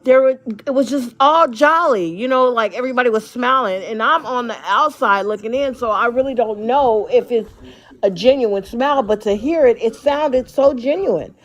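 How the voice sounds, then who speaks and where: Animated storytelling American woman. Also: fairly high pitch, normal speed. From United States. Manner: animated storyteller who acts out others' lines. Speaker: podcast co-host, school teacher. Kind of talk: casual chat.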